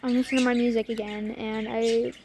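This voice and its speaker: A young woman vlogger with a high, bright voice tells a story straight to camera. She talks in an excitable, animated way, full of gasps and little laughs. Faint noise sits behind her voice. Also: fairly quick.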